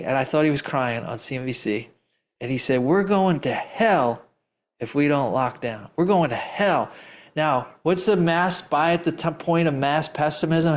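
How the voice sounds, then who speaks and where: A man who teaches investing, answering audience questions live in an emphatic, rambling storytelling way, often laughing. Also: a little high. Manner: rambling, restarts sentences often. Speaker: investing educator.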